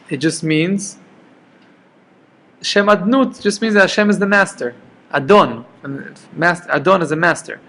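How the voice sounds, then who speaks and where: A man teaches an informal Torah class, keeping it conversational and checking in with his listeners as he goes. His voice sits a little high and has a gravelly edge. A faint hiss of room noise runs underneath. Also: a bit bright. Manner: conversational, checks in with "okay?" and "right?". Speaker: rabbi teaching Jewish law.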